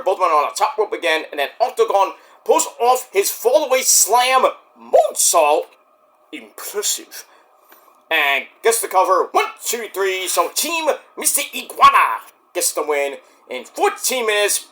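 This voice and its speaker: A man giving a casual solo wrestling review, excitable and swearing freely. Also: high voice.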